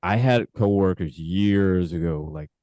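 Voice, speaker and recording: Low, dark-voiced laid-back man. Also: a little slow, dry recording. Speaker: podcast co-host. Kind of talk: casual wrestling chat.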